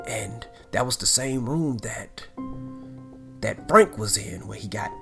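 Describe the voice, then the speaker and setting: A man casually recapping a horror movie, animated and excitable, full of fillers and asides. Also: mid-range voice, takes it slowly, creaky, music in the background. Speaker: movie reviewer.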